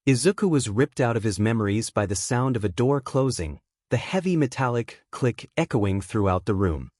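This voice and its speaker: A man reading a dark fan fiction story aloud as narrator, in a steady, even storytelling manner. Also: mid-range voice, moderate pace, no room sound, studio quality.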